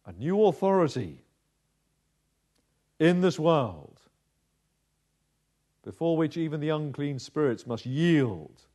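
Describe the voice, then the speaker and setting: A male preacher delivering a sermon with dramatic, measured phrasing. He often slows right down to stress a point. His voice sits a little higher than most men's. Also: sing-song, darkish tone.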